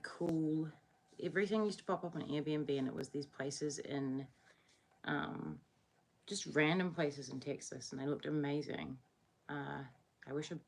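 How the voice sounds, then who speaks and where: A sleepy woman with a New Zealand accent hosts a casual livestream, her voice gravelly with vocal fry. She rambles loosely, drifting between thoughts and questions to her viewers. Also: deep voice. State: tired. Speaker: livestream host. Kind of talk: casual live-stream chat.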